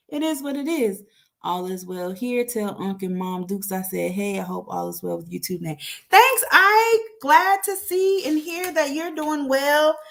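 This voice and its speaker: A woman hosting a casual solo podcast, chatty and talking straight to her listeners with frequent laughs. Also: a little high. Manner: chatty, laughs often, addresses listeners directly. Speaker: podcast host.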